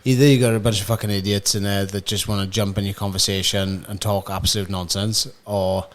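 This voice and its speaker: A man's voice: lowish voice, flat delivery, fairly quick. A young man co-hosting a podcast, rambling with fillers and frequent swearing in casual chat. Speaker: podcast co-host.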